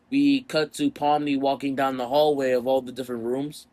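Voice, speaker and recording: Rambling man pitching a story rewrite. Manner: rambling, filler-heavy, animated. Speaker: storyteller and video creator.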